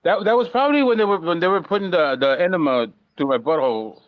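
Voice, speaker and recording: A man's voice: a little high, expressive, fast. Giggly drowsy man, dull lo-fi sound. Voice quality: giggly, rambling. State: drowsy and drugged after hospital. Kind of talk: casual banter.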